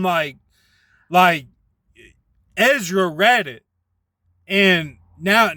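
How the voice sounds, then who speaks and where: A man's voice: sits high, sharp tone, dry recording, clean studio sound. A man casually retelling a Bible passage in a rambling way, repeating himself as he goes.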